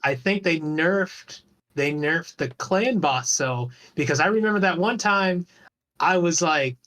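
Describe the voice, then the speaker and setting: A man's voice: on the high side, lively intonation, a little slow, pushed and bright. Rambling man chatting casually on a podcast. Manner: rambling, swears casually, restarts often. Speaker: podcast guest. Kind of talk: casual chat about an online game.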